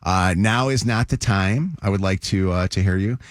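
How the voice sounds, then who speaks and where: Lively radio host man, dry studio sound. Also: low-pitched, moderate pace, no room sound. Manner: animated storyteller, acts out quotes. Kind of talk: casual radio banter.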